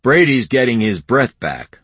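A man's voice: medium pitch, sing-song, unhurried, fairly bright tone, slightly rough, no echo, voice pushed up, heavily acted. A man voicing a brawny, threatening ranch brother in an audiobook, growling insults and threats. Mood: brash. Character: brawny young ranch brother, hostile bully.

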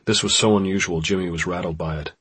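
Deep, husky male audiobook narrator. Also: fairly even intonation, fast, a bit bright, dry recording. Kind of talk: scripted narration.

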